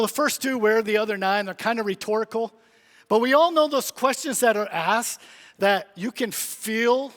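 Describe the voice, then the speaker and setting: A middle-aged male preacher with a strikingly high voice delivers an earnest sermon. He leans on pleading rhetorical questions. His words ring out with a long reverb in a church sanctuary. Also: a bit bright.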